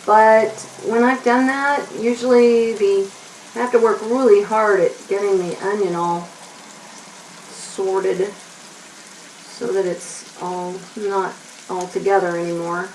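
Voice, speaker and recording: A woman's voice: medium pitch, fairly even intonation, slow pace, a little mellow, recorded from a distance, slight background noise. A woman hosting a kids' cooking show, chatting to herself as she cooks in a home kitchen, with onions sizzling behind her. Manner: chatty, talks to herself while stirring. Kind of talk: casual cooking demonstration for kids. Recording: roomy kitchen, mic set back. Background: onions sizzling in a pan.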